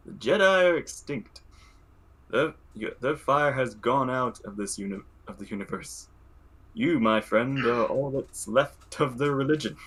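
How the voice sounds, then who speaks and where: A man's voice: medium pitch, expressive, a little slow, a bit bright, slightly rough, heavily acted. A man reading the part of a cold imperial governor in a casual script read-through, haughty and stumbling.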